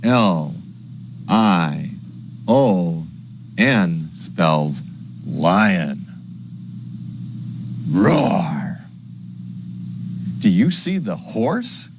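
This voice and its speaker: A man teaching young children animal names, spelling each word slowly letter by letter and making animal sounds. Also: sits low, big pitch swings, slight background noise.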